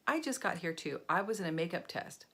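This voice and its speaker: A patient, friendly schoolteacher, read aloud by a woman. She sounds calm and steady, pitched slightly low. The delivery is a plain storybook voice. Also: brisk, gravelly, a little hiss or hum, exaggerated voice.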